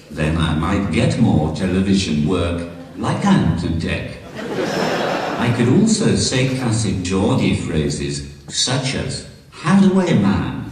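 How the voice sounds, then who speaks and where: Male synthetic voice, stand-up comedy, deadpan, slow, distant hall recording. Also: low voice. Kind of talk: stand-up comedy through a text-to-speech device. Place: large concert hall, live show. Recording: echoey hall from far off, faint noise.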